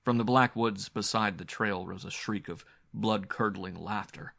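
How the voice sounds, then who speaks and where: Deep-voiced man narrating a grim horror tale. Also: measured pace, creaky, a bit bright. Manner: dramatic, grim storytelling. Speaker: audiobook narrator. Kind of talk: first-person audiobook narration.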